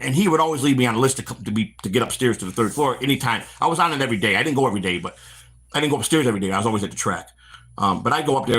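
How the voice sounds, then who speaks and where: A man's voice: medium pitch, slightly rough. A middle-aged man from the Chicago area, hosting a walk-and-talk stream and telling long rambling stories from his past while out on a walk, acting out the voices of the people in them. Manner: animated storyteller, acts out quoted voices, frequent restarts. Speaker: stream host. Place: outdoors on a walk.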